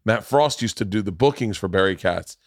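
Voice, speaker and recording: A man's voice: on the low side, expressive, brisk, no room sound, studio quality. A man from Florida hosting a podcast, telling a story in a loose, profane, rambling way. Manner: rambling, profane, self-interrupting. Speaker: podcast host. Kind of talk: casual storytelling chat.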